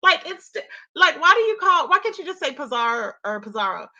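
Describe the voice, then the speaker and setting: Her voice sits high and is sing-song, pushed, and bright, moving fairly quickly, though the highs are cut off. This commentator gossips sassily about a live-stream clip of an argument, speaking straight to viewers as "y'all."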